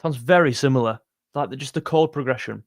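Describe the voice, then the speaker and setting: A man's voice: medium pitch, brisk, no echo, clean studio sound. A young man hosting a livestream, reading viewer comments in a chatty, jokey way and calling people mate. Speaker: music channel host reading live chat. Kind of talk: casual livestream chat.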